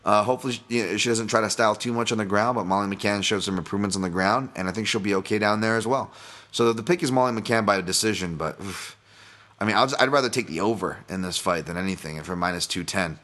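A man with a low, bright, forceful voice hosts a solo podcast. He rambles in a loose, profane way, interrupting himself and circling back. The delivery is casual and conversational. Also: quick pace. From Boston. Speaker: podcast host.

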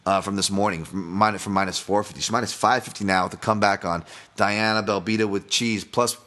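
A man with a low, bright, forceful voice hosts a solo podcast. He rambles in a loose, profane way, interrupting himself and circling back. The delivery is casual and conversational. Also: steady tone, fairly quick. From Boston. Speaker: podcast host.

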